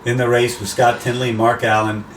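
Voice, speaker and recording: An older American man, a race announcer, telling animated stories in a casual interview. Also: medium pitch, moderate pace, recorded from a distance, a crowd in the background. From USA. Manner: animated anecdotes, acts out quoted voices. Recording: roomy, off-mic, faint background noise.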